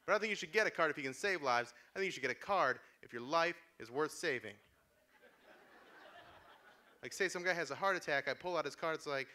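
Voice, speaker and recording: A man in his thirties doing a stand-up comedy set on a small club stage, sardonic and deadpan with sudden shouted outbursts. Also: on the high side, fairly quick. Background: small audience laughing.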